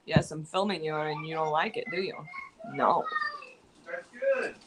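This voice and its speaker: A woman on a group video call, chatting casually and excitedly about her fish tanks. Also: sits low, unhurried, heavy background noise. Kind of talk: casual chat.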